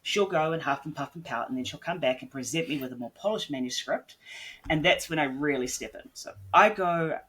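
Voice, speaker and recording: A man's voice: a little high, brisk, bright, forceful tone. A man on a casual podcast interview, talking bluntly and swearing freely, rambling with lots of "like" as he explains his work. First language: English. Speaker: guest author and editor.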